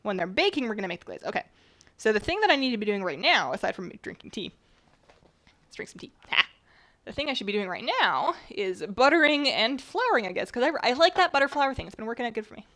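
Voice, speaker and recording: A woman chatting casually while she bakes on a stream, rambling a bit, her voice slightly rough at the tail end of a cold. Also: on the high side, very animated, fast, a bit bright. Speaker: baking streamer. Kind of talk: casual chat while baking.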